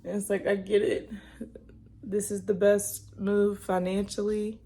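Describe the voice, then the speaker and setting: A young woman crying on and off as she talks to her camera. Her voice is mellow and dark, with a gravelly fry running through it, and she rambles and restarts as she talks. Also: medium pitch, little pitch movement, measured pace. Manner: emotional, tearful, rambling. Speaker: vlogger. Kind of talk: personal vlog, talking to camera.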